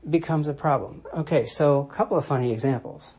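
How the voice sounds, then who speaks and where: Mellow, husky commentator. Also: medium pitch. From United States. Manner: measured and deliberate, restating points for emphasis. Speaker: Christian commentator. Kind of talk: reflective solo monologue.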